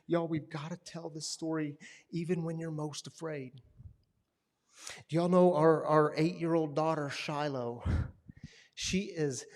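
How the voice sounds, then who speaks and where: A male pastor delivers a sermon in a somewhat higher voice. He tells stories with energy and swings from soft, intimate moments to loud, emphatic peaks. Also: a little slow, long pauses. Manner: animated storytelling, swinging from hushed to loud.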